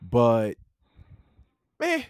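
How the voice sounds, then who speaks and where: A man's voice: mid-range voice, huge pitch swings, drawn-out words, clear, resonant tone, no echo. Joking man on a podcast, dry sound. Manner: joking, loose and profane. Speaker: podcast co-host. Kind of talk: casual chat.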